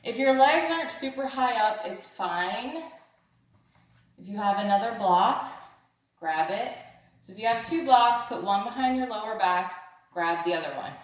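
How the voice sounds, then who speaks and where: A woman leading a fast yoga class with upbeat, encouraging cues, a little out of breath. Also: mid-range voice, expressive. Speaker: yoga instructor. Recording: very echoey room.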